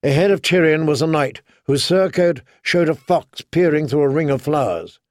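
Fairly high-voiced male audiobook narrator. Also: animated, normal speed, darkish tone, no room sound, studio quality. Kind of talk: scripted narration.

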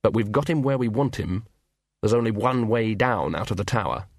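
A man voicing a weary, sardonic middle-aged male police captain who talks in a dry, gruff, low way. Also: lively intonation, normal speed, no room sound. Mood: wry.

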